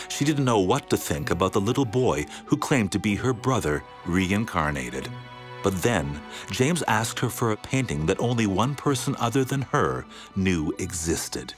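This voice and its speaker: Male doc narrator, lowish, very expressive, music bed clearly audible. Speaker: documentary narrator. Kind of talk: scripted narration.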